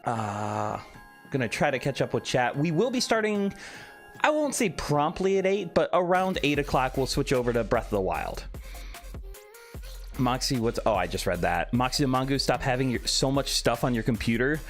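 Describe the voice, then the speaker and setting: A man's voice: medium pitch, moderate pace. A man streaming live, chatting casually and playfully while reading out and answering his chat. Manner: animated, reads chat aloud and answers playfully. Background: faint background music.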